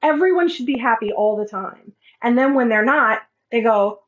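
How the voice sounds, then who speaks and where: Woman host, kinda high voice, animated storytelling, slightly muffled lo-fi sound. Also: a little fast, few pauses. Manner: animated, acts out quoted dialogue. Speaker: podcast host and life coach. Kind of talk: casual storytelling monologue.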